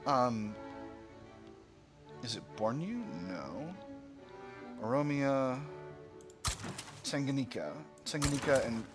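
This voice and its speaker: A man talks through his moves in a strategy game, thinking aloud in a relaxed, chatty way. His pitch swings widely, jumping into playful high squeals when something pleases him. Game music plays clearly behind him. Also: takes it slowly, long pauses. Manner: musing, playful asides, sudden high squeals of delight. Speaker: strategy game let's-player. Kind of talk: casual gameplay commentary.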